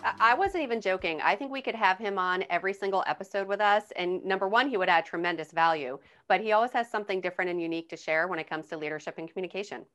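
Smooth-voiced teasing female co-host. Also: mid-range voice, racing, hardly any pauses, a bit bright, faint music behind. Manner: teasing, playful banter. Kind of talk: talk show co-hosting.

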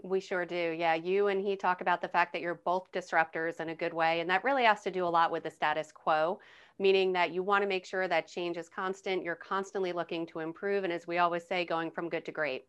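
A woman's voice: lowish voice, steady tone, fairly quick, smooth, lo-fi sound. A woman co-hosting a leadership talk show, teasing her partner in playful banter. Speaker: co-host.

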